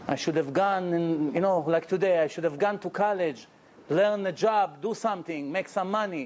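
A man telling a lively, joking story in a Torah lecture and acting out the characters as he goes. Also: high voice, normal speed. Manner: animated, jokey storyteller who acts out characters. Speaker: rabbi giving a Torah lecture. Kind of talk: storytelling sermon.

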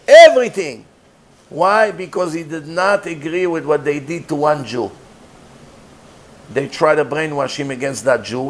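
A man's voice: fairly high pitch, slight background noise. A man giving a sermon as a rabbi, emphatic and repetitive, mixing in Hebrew and Yiddish terms.

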